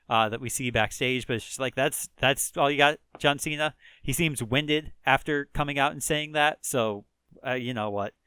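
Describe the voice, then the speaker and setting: A man's voice: medium pitch, pushed and bright, clear, resonant tone, no echo. A man with a Chicago accent casually recapping a wrestling video game as a let's play host, rambling with lots of fillers and chuckles.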